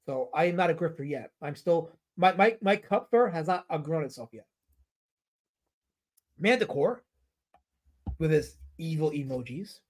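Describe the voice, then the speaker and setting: Guy streaming to his chat, pretty high voice, rambly, goofy fake outrage bits. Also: expressive, a little slow, long pauses. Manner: rambling, answers chat, playful mock outrage. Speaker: livestream host reviewing comic artists. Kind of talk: casual livestream chat with viewers.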